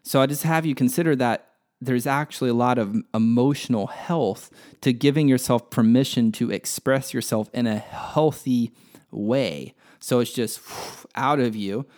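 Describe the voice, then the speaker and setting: A man's voice: medium pitch, moderate pace, a little mellow. Frank, casual male spiritual teacher. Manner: candid and profane, talks through a personal example. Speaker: podcast host.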